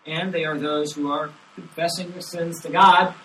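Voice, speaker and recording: A male pastor delivering an expository sermon, emphatic and slowing down to stress scripture. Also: fairly high pitch, steady tone, a bit bright. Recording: distant mic with faint hiss.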